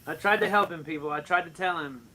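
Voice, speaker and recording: A man's voice: a little high, quick pace, sharp tone, slight background noise, low-quality recording. A man hosting a casual podcast chat, teasingly recounting the advice he gave a friend. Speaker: podcast host.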